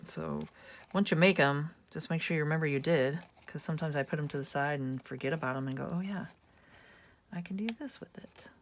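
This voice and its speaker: A woman's voice: low voice, fairly even intonation, quick pace. A woman hosting a casual craft tutorial, chatting and thinking aloud as she works at home. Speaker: craft channel host.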